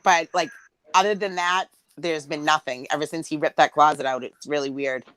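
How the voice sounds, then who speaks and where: Low-voiced woman telling a rambling story. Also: fairly even intonation, normal speed, fairly bright tone, no room sound, rough recording. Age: 40s. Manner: rambling, many fillers, acts out quotes. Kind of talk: casual storytelling chat.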